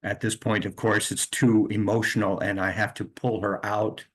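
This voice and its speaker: A man who works as a hypnotherapist, calmly and reflectively telling the story of a client's session. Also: fairly low pitch, moderate pace. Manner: calm and reflective, with soft laughs and light restarts.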